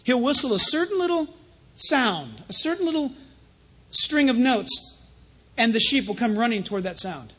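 A man preaching a sermon in a conversational, animated way, telling stories between scripture. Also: extremely high pitch, moderate pace, long pauses, breathy edge. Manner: conversational preaching with anecdotes, rising to animated emphasis.

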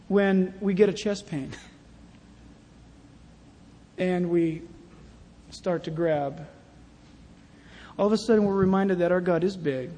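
A male pastor preaching an animated sermon in a warehouse church, declaiming scripture emphatically. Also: high voice. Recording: long reverb in a large hall.

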